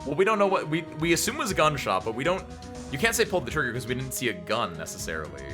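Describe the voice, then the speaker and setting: A young man giving excitable, casual commentary on a live game stream, laughing and swearing as he reacts. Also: mid-range voice, rapid-fire. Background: game music.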